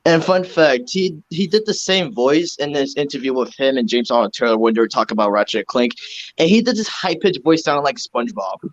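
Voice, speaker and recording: Guy co-hosting a fan chat, bouncy pitch, eager trivia dropper. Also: a little fast, lo-fi sound. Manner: animated, eager to add trivia. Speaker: co-host. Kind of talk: casual fan discussion.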